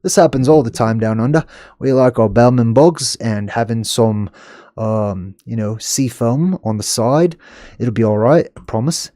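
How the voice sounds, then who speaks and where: A man's voice: mid-range voice, unhurried, warm tone, no echo, clean studio sound, lightly acted. A man voicing a breezy male official who soothingly brushes off worries. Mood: dismissive. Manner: soothing, dismissive.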